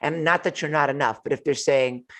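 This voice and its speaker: Here the host is an older woman broadcasting a live motivational talk from home, her low voice moving fairly quickly. Playful and animated, she keeps breaking into laughter between remarks.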